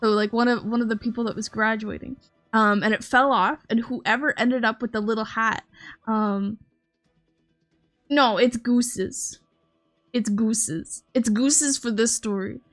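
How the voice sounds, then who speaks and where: Woman streamer rambling thru a story, lots of ums, kinda high voice, laughs a lot. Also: fairly even intonation, moderate pace, fairly bright tone, soft background music. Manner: rambling, full of "um"s and restarts, laughing often. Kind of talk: casual storytelling chat.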